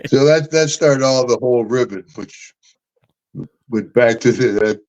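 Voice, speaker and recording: A man's voice: medium pitch, a little slow, highs cut off. Older american guy with an american accent spinning stories, chuckling, calls everyone brother. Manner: animated storyteller, chuckling, calls people brother. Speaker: guest. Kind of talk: storytelling interview.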